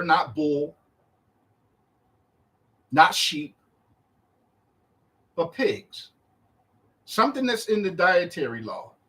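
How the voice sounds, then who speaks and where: High-voiced man teaching a Bible chapter. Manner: animated, acts out the disciples' and Yahshua's words in a higher voice; conversational, uses slang while reading verse by verse.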